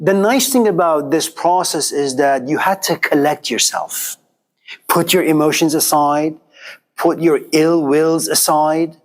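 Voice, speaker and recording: A middle-aged man giving an informal philosophy lecture in a classroom, telling stories and acting out quoted voices in a conversational way. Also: a little high.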